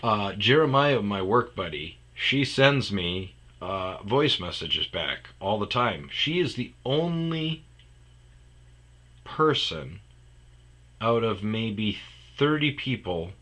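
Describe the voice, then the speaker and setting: A man with a lowish, forceful voice tells a story on his podcast in a loose, casual way. He rambles, corrects himself, and trips over restarts and filler words. His tone pokes fun at himself. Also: sing-song, slow pace. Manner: rambling, self-mocking, lots of fillers and restarts. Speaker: podcast host.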